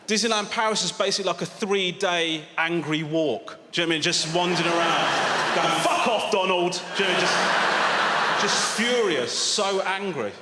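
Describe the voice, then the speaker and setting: A deadpan man, grumbling through a stand-up set and slipping into other people's voices. His voice sits a bit high and rings out through a big theatre's long reverb. Loud crowd noise runs under him. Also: fairly quick. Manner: deadpan, mock-grumpy, acts out voices. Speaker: stand-up comedian. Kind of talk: stand-up routine. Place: large theatre on stage. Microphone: handheld stage mic.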